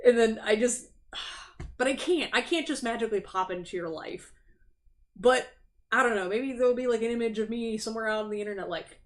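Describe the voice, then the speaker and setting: A woman's voice: fairly high pitch, fairly quick. Chatty, foul-mouthed woman tarot streamer. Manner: chatty, frank, swears freely; sympathetic and sassy. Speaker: tarot reader and livestream host. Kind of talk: casual livestream chat. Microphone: streaming setup.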